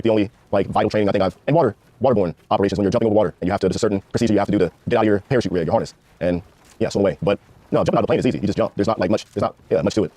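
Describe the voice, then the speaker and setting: A man's voice: on the low side, darkish tone, no room sound. A man, a former Ranger telling war stories in a casual, profane interview. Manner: rapid, profane, laid-back war storytelling. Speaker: guest, former Army Ranger.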